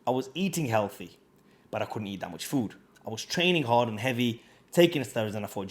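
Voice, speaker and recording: A man's voice: medium pitch, sing-song, fairly quick, a little mellow. A man, a fitness coach, talking casually to camera in a slangy, chatty storytelling way.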